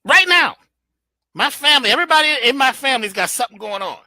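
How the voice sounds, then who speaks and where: A man giving an animated motivational talk as a guest, preachy and emphatic in a colloquial way, playing with his voice. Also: very high-pitched, quick pace, no room sound. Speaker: guest speaker.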